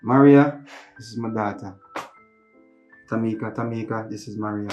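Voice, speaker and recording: A man's voice: fairly low pitch, steady tone, moderate pace, darkish tone, highs cut off, faint music behind, natural voice. A man playing a father who brings his daughter home, pleading and repeating himself in patois-laced talk.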